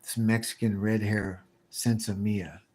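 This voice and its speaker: A man's voice: on the low side, level tone, unhurried, darkish tone. Rambling, profane male live streamer. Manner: rambling, slang-heavy and profane, with many restarts. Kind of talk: casual live-stream chat reading viewer comments.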